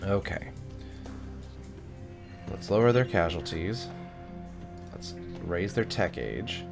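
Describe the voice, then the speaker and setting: Male gaming host, low voice, chatty and joking, soft game music underneath. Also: animated, takes it slowly. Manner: chatty, joking, reads game text aloud. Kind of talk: let's play commentary.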